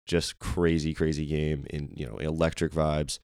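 A young man with a hoarse voice, co-hosting a casual sports podcast and rambling excitedly with many fillers. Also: rumbling low, moderate pace, no echo, clean studio sound. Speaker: podcast co-host.

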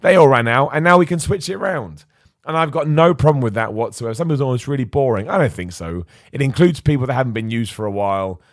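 A man's voice: mid-range voice, lively intonation, fast talker, no echo, studio quality. A man hosting a podcast, chatting casually and with opinions about wrestling, reading out viewer comments and often stumbling over his words. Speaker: podcast host. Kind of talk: casual wrestling chat, reading super chats.

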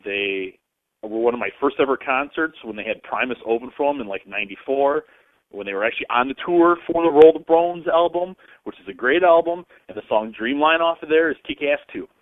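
A man's voice: mid-range voice, lively intonation, brisk, no echo. Man from Michigan on a tinny phone line. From Michigan, USA. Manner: rambling and laid-back, with many fillers. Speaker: caller leaving a voice message. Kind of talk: casual voicemail.

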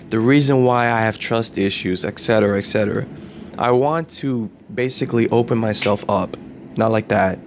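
A young man telling a personal story in a rambling, casual way, full of "like" and "dude" and the odd swear word. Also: medium pitch. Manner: rambling, filler-heavy, swearing, says "dude" and "like".

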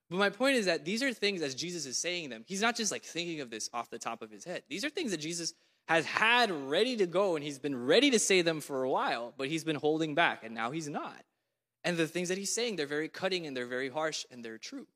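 A man's voice: on the high side, animated, fairly quick. A young man giving a casual sermon, chatty and full of "like", who reads scripture aloud with force. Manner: conversational, lots of "like", rising to loud scripture reading. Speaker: preacher. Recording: long hall reverb.

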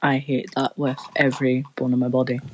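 Young woman, low-pitched podcast co-host, rambling and foul-mouthed, faint background noise. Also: little pitch movement, brisk, low-quality recording. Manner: rambling, swearing storyteller. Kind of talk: casual chat.

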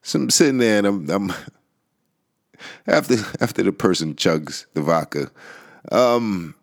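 A man's voice: low voice, lively intonation, slow pace, creaky. A young man hosts a casual solo talk. He rambles and restarts often, laughs between thoughts, and swears freely. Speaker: podcast host. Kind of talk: casual monologue.

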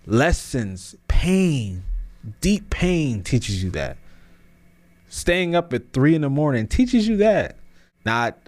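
Podcast host, man, 30s, low-pitched, casual slangy motivational talk that swells into emphatic, preachy peaks. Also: sing-song, slow, a little mellow. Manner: casual slang, many restarts.

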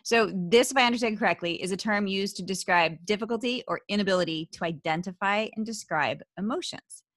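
A woman with a Philadelphia accent hosts a podcast interview. She is friendly and playful, quick to laugh. The recording is dry and close. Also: mid-range voice, a bit bright, no echo. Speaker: podcast host.

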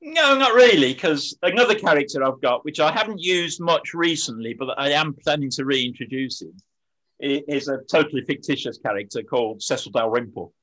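A man's voice: on the high side, animated, fairly quick, pushed and bright, poor audio. A man who hosts poetry slams, chatting in an interview in a rambling, self-deprecating way with lots of restarts. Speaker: poet and slam host. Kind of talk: casual interview chat.

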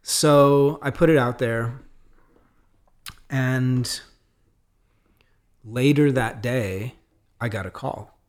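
Man telling a lively story. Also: medium pitch, extremely slow, pauses often. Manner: animated, acts out quoted dialogue; frequent fillers and restarts. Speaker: podcast guest. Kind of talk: casual storytelling.

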